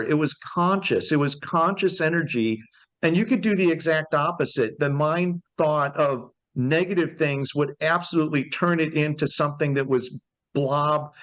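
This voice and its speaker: A man's voice: on the high side, fairly bright tone. Enthusiastic male host, dull lo-fi sound. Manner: enthusiastic, explanatory, repeats himself. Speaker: podcast host. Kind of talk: casual interview chat. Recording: dull lo-fi audio.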